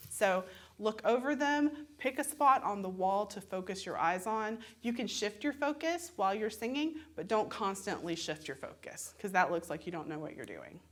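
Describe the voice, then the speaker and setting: A woman with a Southern American accent teaches audition etiquette in a relaxed, conversational way. She chats and laughs easily, slipping into short acted-out examples to make her points. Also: medium pitch, moderate pace. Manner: chatty, laughs often, acts out examples. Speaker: voice and musical theatre instructor.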